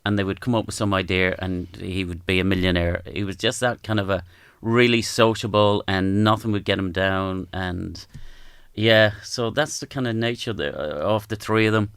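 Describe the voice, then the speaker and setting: Low, gravelly Irish man. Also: fairly even intonation, no echo, studio quality. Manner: gentle, halting, with frequent restarts. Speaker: guest. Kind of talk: reflective storytelling.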